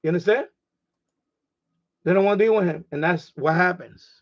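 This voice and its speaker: Raspy guy on his radio live stream, rambly and heated, high pitched, muffled sound. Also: normal speed. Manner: rambling, repeats himself, heated. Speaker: live stream host and ham radio operator. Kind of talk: casual live stream monologue.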